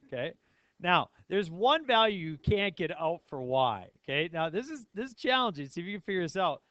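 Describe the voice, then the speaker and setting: A man's voice: on the high side, fairly bright tone, dry recording, dull audio. Playful male math teacher, dry sound. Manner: playful, asks the class many questions. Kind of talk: classroom lecture.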